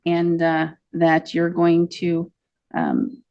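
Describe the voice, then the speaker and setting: A woman's voice: lowish voice, very animated, very slow, muffled recording. A woman judge presiding over a courtroom hearing, speaking firmly and formally as she administers oaths.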